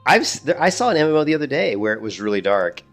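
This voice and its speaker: A man's voice: fairly high pitch, big pitch swings, quick pace, fairly bright tone, faint music behind. A middle-aged man chatting casually while streaming a game, rambling, swearing and laughing at his own stories. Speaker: gaming streamer.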